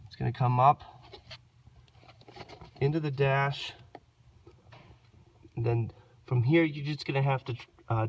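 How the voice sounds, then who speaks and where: A man with a cold, sounding rough and nasal, filming himself with a handheld camera while casually explaining a car repair, hesitant and apologetic. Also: medium pitch, muffled recording, slight background noise. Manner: relaxed, hesitant, apologetic asides. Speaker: DIY car mechanic. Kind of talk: casual how-to walkthrough.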